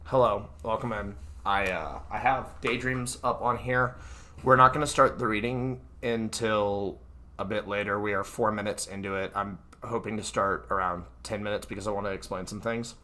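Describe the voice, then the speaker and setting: Male host, stuffy nose, lowish bright voice, rambling filler-heavy livestream chat from his room. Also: fairly even intonation, normal speed. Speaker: author hosting a live book reading. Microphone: computer mic at his desk.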